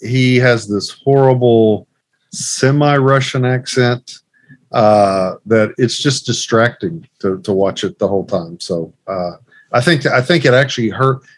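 A man's voice: mid-range voice, measured pace, no echo. Hesitant male podcast co-host. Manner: hesitant, many fillers, trails off quietly. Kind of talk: casual chat.

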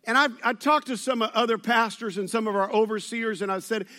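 A pastor with a drawl delivers a sermon in a high, light voice. He talks to his congregation conversationally and teases them with jokes. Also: a little fast, pushed and bright. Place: church service.

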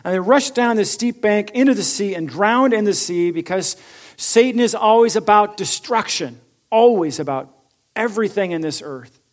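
A man preaching a sermon, reading scripture aloud with rising force and then explaining it in a lower, conversational tone. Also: lively intonation, normal speed. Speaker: pastor.

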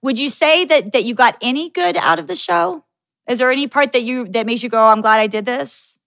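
Woman podcast host, kinda high voice, laughs a lot, swears, super dry close sound. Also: animated, a little fast, gravelly, a bit bright, dry recording. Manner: candid, swears, laughs often. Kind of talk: casual interview chat.

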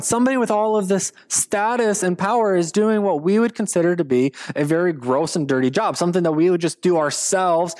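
A man in his thirties, a pastor preaching a sermon with animated, playful storytelling. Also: fairly high pitch.

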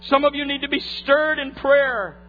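High-voiced preacher with faint hum. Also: male voice, steady tone, normal speed. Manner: acts out voices in his story, swings from hushed to fervent. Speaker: pastor. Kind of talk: sermon with a retold story. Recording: muffled lo-fi recording with faint hum.

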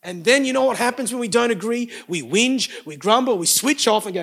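A man's voice: extremely high pitch, lively intonation, brisk, creaky, fairly bright tone. A man, preaching a sermon as pastor with emphatic bursts and joking asides to the congregation.

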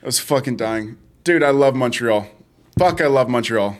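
A man's voice: medium pitch, lively intonation, moderate pace. A young man co-hosting a podcast, telling stories in casual chat, swearing freely and often laughing through his words. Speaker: podcast co-host.

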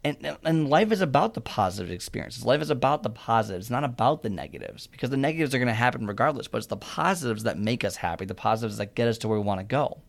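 A man's voice: medium pitch, lively intonation, quick pace, creaky, few pauses. A young man talking casually and earnestly about a fitness mindset, rambling and restarting his sentences as he gives advice. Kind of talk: casual motivational monologue.

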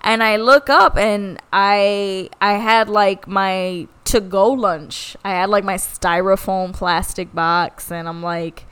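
This is a young woman co-hosting a casual podcast, swearing freely as she tells a story. She acts out everyone's lines. Her voice is smooth and clear. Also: mid-range voice, slow, hardly any pauses. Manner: profane, animated, acts out quoted voices. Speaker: podcast co-host.

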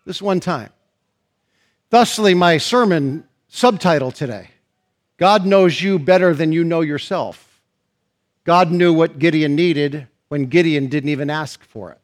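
Brief: high-pitched male pastor, preaching style, builds and stretches key lines. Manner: preaching with rising emphasis, drawn-out stressed phrases. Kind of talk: sermon.

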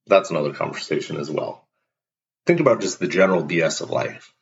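Deep-voiced guy ranting blunt life advice, emphatic, kinda dull lo-fi sound. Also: expressive, brisk, creaky. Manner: blunt, emphatic, acts out everyday dialogues. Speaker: host. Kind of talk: motivational monologue. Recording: dull lo-fi recording.

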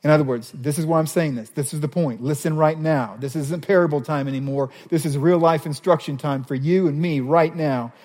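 A man preaching a sermon as a pastor, animated, reading scripture passages aloud. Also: fairly high pitch, a little fast, hardly any pauses, big-room sound.

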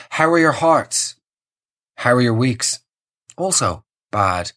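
A man's voice: mid-range voice, lively intonation, slow, a bit bright. A young Irish man hosting his podcast, ranting in a sarcastic, exasperated comic monologue. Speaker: podcast host. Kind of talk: casual comedic monologue.

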